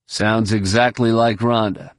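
A man voicing a brisk, commanding middle-aged man giving orders, close to his own voice. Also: on the low side, flat delivery, no echo, lightly acted.

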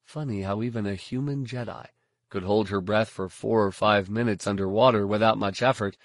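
A man reading scripted audiobook narration in a steady, even storytelling manner. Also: fairly low pitch, normal speed, no echo, clean studio sound.

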